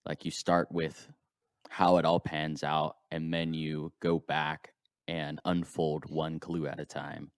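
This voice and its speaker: A man hosting a casual interview who talks in a relaxed, hesitant way full of fillers. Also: a bass voice, slow pace, dry recording, clean studio sound.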